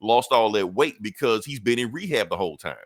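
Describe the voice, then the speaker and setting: A man casually recapping a comic book on a podcast, his pitch swinging widely as he acts out each character's lines. His speech is loose, slangy and full of profanity. The sound is dry and close, with no room echo. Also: fairly quick. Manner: animated storytelling, acting out characters' lines; profane, laid-back slang. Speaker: podcast co-host.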